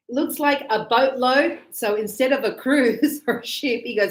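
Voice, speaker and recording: A woman's voice: on the high side, animated, normal speed, hardly any pauses. A woman with an Australian accent teaching English, explaining phrases in a chatty way with acted examples. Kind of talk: online language lesson. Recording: echoey room.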